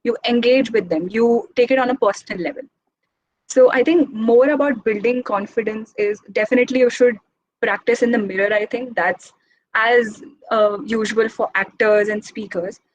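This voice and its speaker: A young woman giving an informal talk as guest speaker, speaking quickly in a chatty, encouraging way. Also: fairly high pitch, no room sound, muffled recording. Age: young adult.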